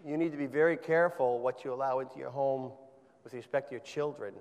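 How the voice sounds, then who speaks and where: A man preaching a sermon, emphatic, often rising to forceful peaks, with quiet stretches in between. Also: medium pitch, fairly even intonation, fast, big-room sound. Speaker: pastor.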